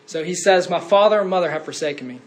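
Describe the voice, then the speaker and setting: A man's voice: high voice, fast. A man preaching a sermon in an earnest way, rising to fervent cries when quoting.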